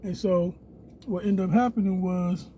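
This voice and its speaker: A man telling a story casually, animated and profane, acting out quotes in a raised voice. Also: sits high, a little slow, a little hiss or hum.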